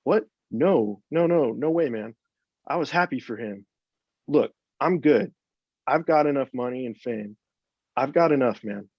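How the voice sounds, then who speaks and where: A man's voice: medium pitch, moderate pace, no room sound, natural voice. A man voicing a nervous, rambling American horror writer with an American accent, read aloud from a story. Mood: flustered. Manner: jittery, rambling, says "man" a lot. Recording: dull, dry, lo-fi sound.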